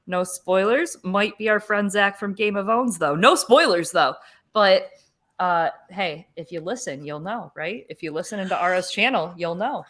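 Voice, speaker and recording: A woman's voice: medium pitch, moderate pace, a bit bright. A young woman on a live stream, plugging her podcast in an upbeat, friendly way. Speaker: podcast co-host. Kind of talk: casual live-stream chat.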